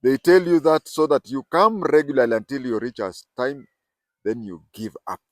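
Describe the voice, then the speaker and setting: An older man, telling history stories in casual talk with animated emphasis. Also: medium pitch, normal speed, no echo. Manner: animated, rising and falling emphasis. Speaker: storyteller host. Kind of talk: casual spoken storytelling.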